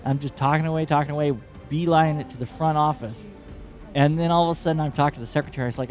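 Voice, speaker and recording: A man hosting a podcast, telling a personal story in a rambling, animated, profane way. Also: a little high, fast talker, soft background music. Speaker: podcast host.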